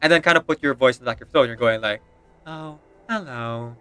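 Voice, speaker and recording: Chatty laughing male gamer, bright voice. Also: mid-range voice, very fast, clean tone, faint music behind. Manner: rambling, laughs often, many fillers. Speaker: streamer. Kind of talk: casual chat while gaming.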